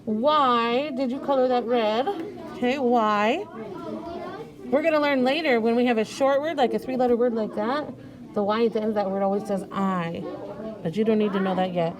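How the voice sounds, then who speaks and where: A woman's voice: a little high, moderate pace, crowd noise. A woman teacher leading an early reading lesson, patiently sounding out words with a sing-song coaching manner.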